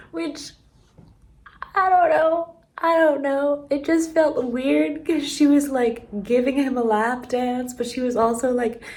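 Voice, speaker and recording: Young woman, book reviewer, casual and rambling, roomy echo. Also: medium pitch. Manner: rambling, lots of filler "like"s, playful. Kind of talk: casual chat.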